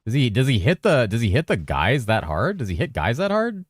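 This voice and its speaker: A man streaming games, chatting loosely with his viewers in a deep, bassy voice. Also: huge pitch swings, a little fast, no echo, clean studio sound. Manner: rambling and loose, with bursts of laughter. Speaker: game streamer. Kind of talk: casual livestream chat answering viewers. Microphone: streaming mic through a mixer.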